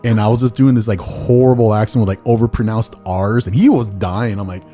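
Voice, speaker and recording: A man hosting a podcast, chatting in a relaxed way and telling stories, now and then swearing. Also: lowish voice, fairly quick, faint music behind. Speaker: podcast host. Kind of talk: casual podcast chat.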